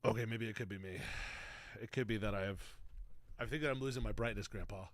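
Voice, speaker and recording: A young man streaming a game, with animated, joking commentary as he talks back to the game. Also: fairly low pitch, fast talker, no echo. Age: young adult. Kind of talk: casual gameplay commentary.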